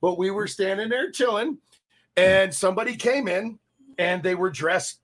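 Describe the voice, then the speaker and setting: A middle-aged man co-hosting a casual chat, telling stories in a profane, animated way. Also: high-pitched, moderate pace.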